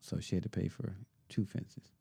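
Speaking at normal speed in a deep, steady voice that is warm, slightly rough, and touched with vocal fry, a man co-hosts a podcast. He chats casually, telling a story and acting out the lines he quotes.

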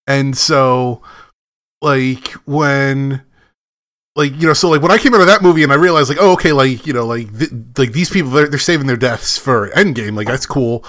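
A man's voice: medium pitch, moderate pace, a bit bright. A man co-hosting a podcast, rambling in casual chat, with lots of "like" and restarts. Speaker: podcast co-host.

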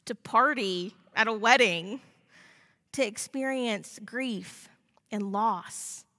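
Slow, bright-voiced woman preaching. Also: on the high side, in a large hall. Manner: measured, deliberate preaching. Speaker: pastor. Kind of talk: sermon.

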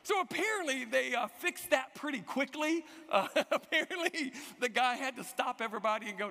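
A man's voice: extremely high pitch, moderate pace. A man in his forties preaching a sermon, telling stories with energy and leading the congregation in call-and-response. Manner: animated storytelling with call-and-response. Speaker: pastor. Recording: long hall reverb.

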